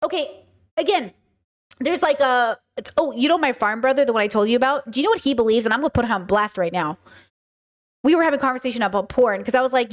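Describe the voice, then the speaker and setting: A woman hosting a casual commentary monologue, blunt and animated, swearing freely and acting out quoted conversations. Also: on the high side, quick pace. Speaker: commentary host.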